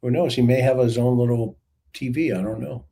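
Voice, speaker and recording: A man's voice: mid-range voice, fairly even intonation, fairly quick, creaky, mellow. A man co-hosting a live stream in casual chat, cracking jokes. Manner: joking, puts on mocking voices. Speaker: co-host.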